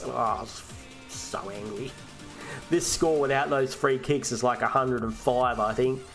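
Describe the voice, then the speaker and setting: Australian male streamer, gravelly mid voice, casual, ranty and profane. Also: mid-range voice. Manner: ranting and swearing, with frequent restarts. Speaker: host of a fantasy football live stream. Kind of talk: casual live-stream chat.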